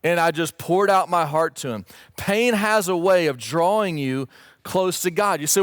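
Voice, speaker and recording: An earnest male pastor preaching a sermon in a fairly high voice. He is emphatic and builds into pleading questions. The sound is close and dry. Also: moderate pace, fairly bright tone, no room sound. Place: church stage or studio, streamed online.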